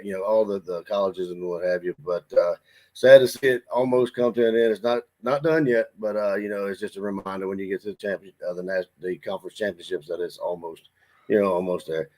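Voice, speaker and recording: Low-voiced, earnest co-host from the DC area. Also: male voice, fairly quick, warm tone. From Washington DC area. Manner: earnest, meandering reflections. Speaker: podcast co-host. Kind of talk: casual sports talk.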